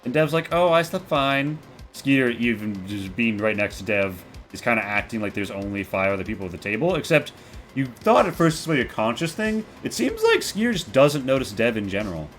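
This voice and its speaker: A man's voice: on the low side, sing-song, fairly quick, a bit bright, soft background music. A man narrating as game master for a tabletop role-play, in a loose, rambling way with many fillers.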